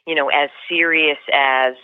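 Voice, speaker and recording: Her voice sits low, with fairly even intonation and a slightly slow pace. The guest, an author and leadership coach, shares a story on a podcast earnestly and emotionally, restarting often, over a dry, tinny phone line with no echo.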